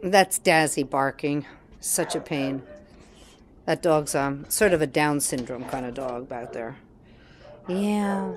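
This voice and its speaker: A woman's voice: sits low, animated, unhurried, slight background noise. A woman outdoors on a deck, talking fondly to her dog in a casual home video, with asides to the camera. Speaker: dog owner filming her pet. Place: outdoors on a deck in icy weather.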